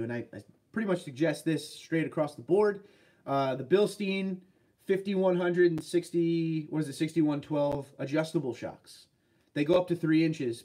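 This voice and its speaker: Here is a man with a fairly high, slightly mellow voice, a Boston accent, and a head cold. Hailing from New England, he hosts a laid-back livestream, reading chat aloud and answering questions from viewers about trucks.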